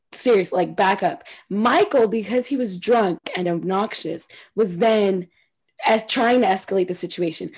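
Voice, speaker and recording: A woman's voice: medium pitch, breathy edge. A woman co-hosting a casual chat, blunt and emphatic, swearing freely. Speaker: podcast co-host.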